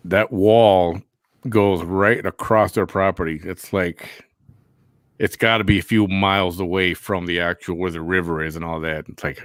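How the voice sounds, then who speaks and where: A man's voice: low voice, fairly even intonation, moderate pace, no room sound, clean studio sound. A man hosting a casual chat show, rambling and repeating himself. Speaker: host.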